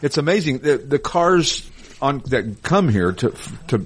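A man's voice: mid-range voice, lively intonation, measured pace, slightly rough. A man in his fifties with grandkids, hosting a casual car dealership talk show, rambling and joking and laughing at his own gags.

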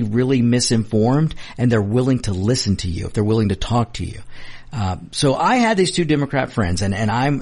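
A man hosts a political commentary show in an emphatic, repeating monologue, talking straight to his listeners as folks. His voice sits at a middling pitch with a husky, slightly rough edge. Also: darkish tone. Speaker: political talk show host.

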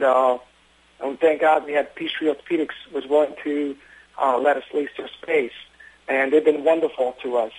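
Husky guy talking fast in an interview, a doctor rattling off stories, kinda high voice. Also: rough recording. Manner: fast, earnest storytelling with many restarts. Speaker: emergency physician running an urgent care. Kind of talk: interview conversation.

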